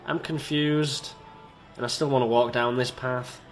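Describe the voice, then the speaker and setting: A man's voice: mid-range voice, steady tone, unhurried, soft background music. A man giving casual, rambling, self-mocking commentary as he plays a park-building video game and talks to its little characters. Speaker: video game let's-player.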